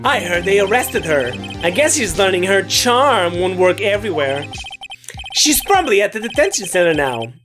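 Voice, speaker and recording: A woman reading an earnest young male defense attorney in a video game, lowering her voice. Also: very animated, normal speed, close to an everyday voice. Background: game music.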